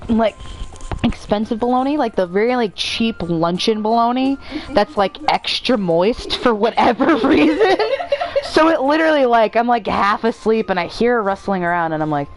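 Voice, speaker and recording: A woman's voice: a little high, lively intonation, moderate pace, low-quality recording. A young woman hosting a gaming stream in casual chat, giggling as she tells funny family stories. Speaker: gaming channel host. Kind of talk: casual chat over a game. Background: game music.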